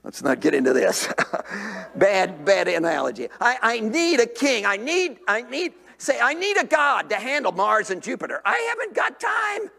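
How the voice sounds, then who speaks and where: An older man preaching a revival sermon in a church, animated, swinging from shouts down to near whispers. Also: sits high, moderate pace, creaky, long reverb tail. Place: church sanctuary.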